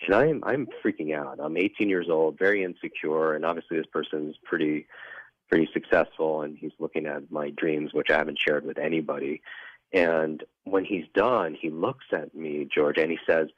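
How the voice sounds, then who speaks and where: Super deep-voiced guy on an interview, earnest and halting, retelling his story, dry dull-sounding audio. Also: fairly even intonation, dry recording. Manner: earnest, reflective, halting with restarts. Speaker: guest.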